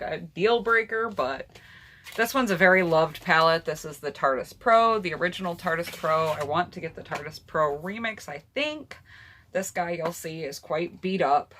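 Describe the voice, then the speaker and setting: A woman's voice: lowish voice, a bit bright, a little hiss or hum. A woman beauty vlogger chatting casually through her eyeshadow palettes and talking straight to her viewers. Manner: chatty, personal opinions, addresses viewers directly. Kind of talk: casual makeup palette review.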